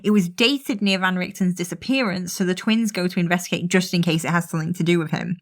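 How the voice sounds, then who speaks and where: Giggly woman host, low voice. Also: fast talker. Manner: giggly, many fillers. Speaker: podcast host. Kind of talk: casual chat, retelling lore.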